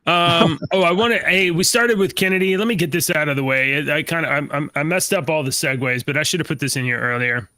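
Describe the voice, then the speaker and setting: A man co-hosting a casual podcast talks in a bright, slightly high voice. He rambles through stories, stops to restart his sentences, and laughs at his own jokes. The sound is close and dry. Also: fast, hardly any pauses, dry recording. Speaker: podcast co-host. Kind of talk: casual chat.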